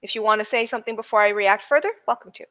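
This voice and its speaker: A woman running a tabletop role-playing game as game master, narrating in a relaxed way with many fillers. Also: mid-range voice, very fast, dull audio.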